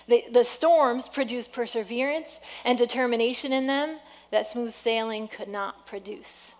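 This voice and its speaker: A woman's voice: on the high side, big-room sound. Upbeat woman preaching a sermon. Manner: lively storytelling with self-deprecating humor. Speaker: pastor.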